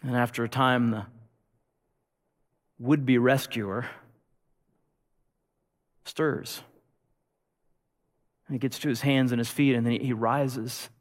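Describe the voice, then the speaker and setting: A male pastor preaching a sermon with animated storytelling that swings between loud and hushed. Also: mid-range voice, slow pace, long pauses, in a large hall.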